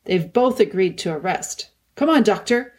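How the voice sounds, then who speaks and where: A woman's voice: medium pitch, lively intonation, normal speed, lightly acted. A woman voicing a loyal young prince who talks tensely and eagerly.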